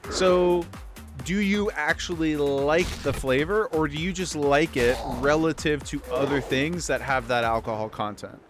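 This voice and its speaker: A man's voice: on the high side, unhurried, over music. A man livestreaming a game, chatting casually with his viewers in a rambling way and often restarting his sentences. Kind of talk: casual chat with viewers while gaming.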